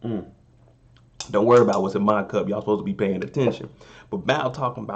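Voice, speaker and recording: A young man casually recapping a TV episode in a relaxed, joking way, often asking "you know what I'm saying". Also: on the low side, fairly quick, muffled recording. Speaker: recap vlogger.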